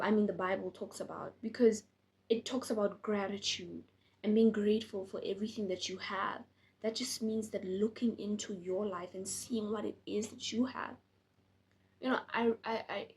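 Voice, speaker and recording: A woman's voice: mid-range voice, darkish tone. Tired young woman vlogging, earnest and encouraging, rambles and restarts a lot. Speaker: faith vlogger. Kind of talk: casual direct-to-camera talk.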